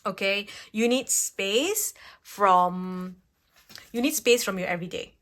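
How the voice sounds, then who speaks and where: A woman's voice: mid-range voice, animated, slow, a bit bright. A woman giving a pick-a-card tarot reading at home, chatty and reassuring, often checking in with "okay?". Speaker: tarot reader. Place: home, at a table with cards.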